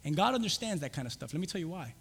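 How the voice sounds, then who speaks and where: A man preaching a sermon as pastor, swinging from loud, shouted lines to hushed whispers. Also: a little high, very animated, rapid-fire, creaky, husky. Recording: long hall reverb.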